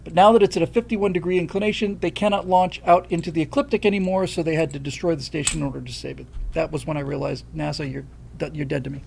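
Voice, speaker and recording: A man's voice: a little high, fast talker, vocal fry, few pauses, darkish tone, slight background noise. An older man from the United States hosting a livestream, talking bluntly and emphatically, reading out and thanking viewer donations. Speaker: livestream host. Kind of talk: casual opinionated livestream talk.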